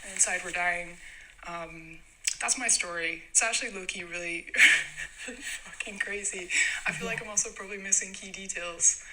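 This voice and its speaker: A woman's voice: mid-range voice, moderate pace, very noisy. A young Scottish woman rambling through a frank story in a casual voice note, laughing as she goes. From Scotland. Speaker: listener sending a story.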